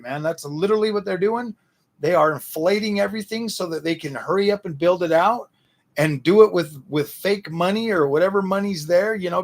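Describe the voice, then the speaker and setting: A man's voice: sits high, vocal fry. A man hosting a casual livestream, answering chat in a slangy, ranting way, often repeating himself and restarting his sentences.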